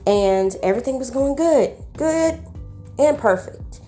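Animated woman telling a faith testimony. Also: high-pitched, measured pace, soft background music. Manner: animated, preachy asides with amens and call-outs to listeners. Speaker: podcaster sharing a personal testimony.

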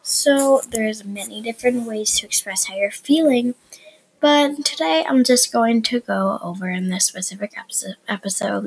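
A woman with a breathy, husky voice teaches beginner Spanish on her podcast. She talks casually and explains things plainly. She often drops into soft, murmured asides. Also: fairly high pitch, poor audio. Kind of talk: casual beginner language lesson.

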